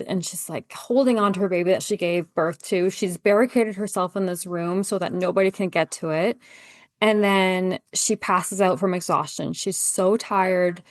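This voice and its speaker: A woman's voice: on the low side, no room sound. A woman guest on a podcast, a gardener who chats casually, fills her talk with "like" and acts out quoted lines with animation. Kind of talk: casual chat.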